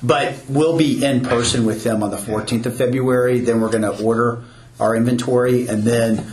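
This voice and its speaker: A man's voice: medium pitch, fairly even intonation, moderate pace, darkish tone. A man, a new business owner, talking earnestly in a casual podcast chat and often repeating words as he starts sentences. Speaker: new owner of an ice cream stand. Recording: roomy with faint background ambience.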